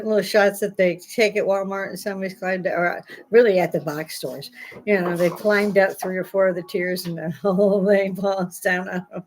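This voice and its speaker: An older woman hosting a casual livestream from home, rambling and blunt, laughing often. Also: medium pitch. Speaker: livestream host. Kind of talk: casual live chat. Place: home, indoors.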